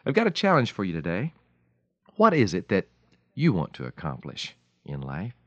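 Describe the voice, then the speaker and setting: A male radio preacher tells his story in a folksy, emphatic manner. His low voice rises and falls in lively swings. The recording is dry and dull, like an old lo-fi radio broadcast. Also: moderate pace, dry recording. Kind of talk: radio devotional talk.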